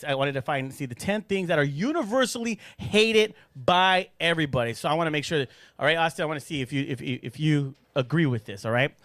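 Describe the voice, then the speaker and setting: A man hosting a casual podcast chat in a studio, animated and joking, laughing often. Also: fairly high pitch, dry recording. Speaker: podcast host.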